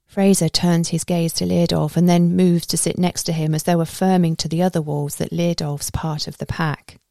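A woman narrating a story in the first person in a steady, measured way. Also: on the low side, gravelly, no echo, clean studio sound. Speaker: audiobook narrator.

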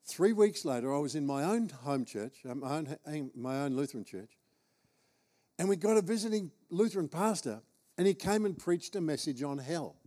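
A man's voice: on the high side, animated, normal speed, warm tone. A man with an Australian accent, preaching as he tells a humorous, self-deprecating personal story. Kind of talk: storytelling sermon.

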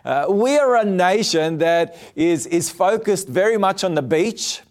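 A man's voice: high-pitched, expressive, measured pace. A man with an Australian accent preaching a sermon in a television studio with an audience, earnest and welcoming, repeating key phrases. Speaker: pastor.

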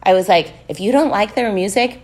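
A woman's voice: mid-range voice, fairly quick, a little mellow. A young adult woman, a touring musician and podcast guest, tells a story with lots of swearing, acted-out quotes and laughter. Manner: swears a lot, acts out quotes, laughs often. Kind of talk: animated storytelling.

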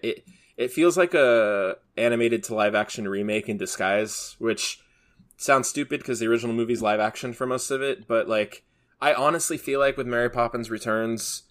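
A man co-hosting a podcast has a fairly low, fairly bright voice. The talk is a casual chat where he rambles, filling gaps and starting over often.

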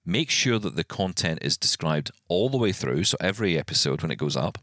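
A man with a low, deep voice co-hosts a podcast, his pitch swinging widely as he rants in exasperation. He stumbles over restarts as he talks in casual chat, recorded dry and close with no room sound. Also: a little fast, no echo. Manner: animated, exasperated ranting with many restarts. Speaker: podcast co-host.

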